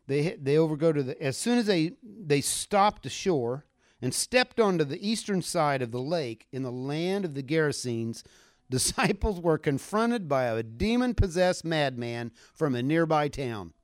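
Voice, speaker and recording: Animated male preacher, dry close sound. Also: fairly high pitch, no echo. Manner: animated storytelling, acting out voices in quotes. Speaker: pastor. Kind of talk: sermon.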